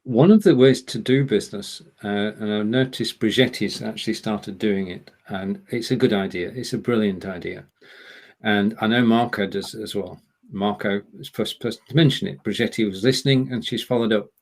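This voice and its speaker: A man's voice: on the low side, normal speed, a little mellow. A man hosting a live stream chat over a video call, making points steadily and building on what others said. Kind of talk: casual discussion.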